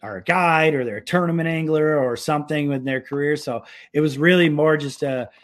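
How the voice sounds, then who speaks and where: A man's voice: fairly high pitch, fairly quick, fairly bright tone. A man from New York who has worked in the fishing industry, talking in a casual podcast chat and rambling with many filler words.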